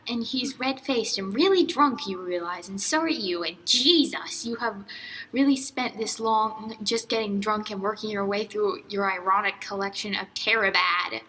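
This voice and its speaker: A woman's voice: medium pitch, normal speed, sharp tone, slight background noise. A young woman reading a fan fiction story aloud with friends in a casual, amused way. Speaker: reader.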